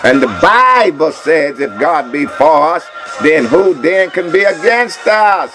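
A high-voiced man hosts a gospel morning radio show, calling out to listeners in a fervent, rhythmic preaching style. He takes his time over each phrase, with music running beneath his voice. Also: animated, slow. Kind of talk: energetic radio hosting with preaching cadence.

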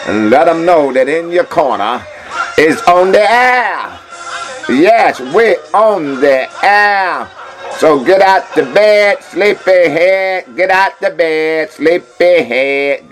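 Man hosting gospel radio, high-pitched, unhurried, rhythmic preaching cadence, music underneath. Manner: fervent, rhythmic, calls out to listeners. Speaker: gospel radio morning show host.

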